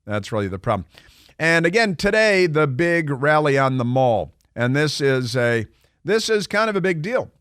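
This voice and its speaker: A man's voice: medium pitch, fairly bright tone, no room sound. A man hosting a talk radio show, delivering a combative, sarcastic monologue full of mocking rhetorical questions from a radio studio. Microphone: studio microphone.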